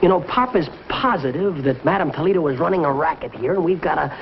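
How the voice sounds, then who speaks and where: A man's voice: on the high side, expressive, fast, gravelly. A man acting the lead in an old sitcom, eager and bossy. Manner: eager, bossy pep talk. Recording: muffled old TV sound, audience and noise.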